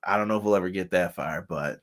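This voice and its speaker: A man's voice: sits low, fast. A male co-host, chatting casually and animatedly on a live wrestling stream, often exclaiming and swearing.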